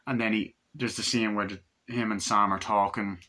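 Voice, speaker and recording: A man's voice: fairly low pitch, fairly even intonation, sharp tone. Profane rambling man reviewing a film. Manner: profane, rambling, retells scenes with quick quoted lines. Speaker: movie reviewer. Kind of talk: casual spoken film review.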